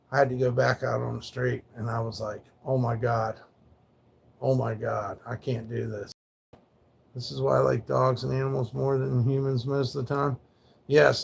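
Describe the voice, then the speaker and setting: Talking casually on his livestream, a man grieves his dead dog, rambling and cursing and occasionally thanking chat. His voice is mid-range and creaky with a darkish tone.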